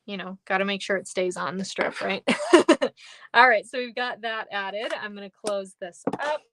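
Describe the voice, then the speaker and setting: Thanking viewers by name as she goes, a chatty, upbeat papercraft demonstrator runs a live card-making tutorial. Her mid-range voice has a fairly bright tone, with slight background noise.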